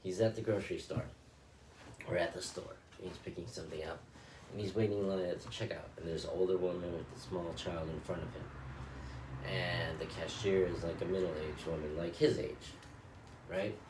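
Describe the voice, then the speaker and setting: A man with a deep, steady, darkish voice speaks at normal speed, telling a story and reflecting on it in a loose, rambling, earnest way, like a self-help speaker. The recording is echoey and distant, with faint ambience and a little hiss or hum.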